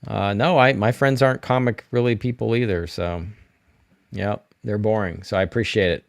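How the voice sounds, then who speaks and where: Middle-aged guy rambling on a live stream, answering chat, kinda low voice. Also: moderate pace, creaky. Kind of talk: casual live chat reading viewer comments.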